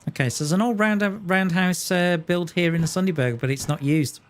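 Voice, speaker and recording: A man's voice: high voice, a little fast. Rambling, joking man streaming a game. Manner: rambling, joking, talks to chat and himself. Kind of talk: casual live-stream chat.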